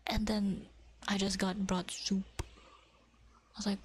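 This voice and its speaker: A young woman livestreaming ASMR, chatting in whispered livestream chat that slips between soft whispers and a casual speaking voice, with the odd swear. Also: fairly high pitch, fairly even intonation, takes it slowly, pauses often, slight background noise, poor audio. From Philippines.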